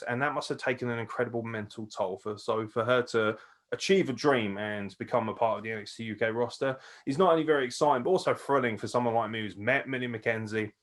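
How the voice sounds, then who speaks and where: Excitable, profane co-host. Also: male voice, mid-range voice. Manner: excitable, swears freely, laughs often. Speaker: podcast co-host. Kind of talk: casual wrestling news chat.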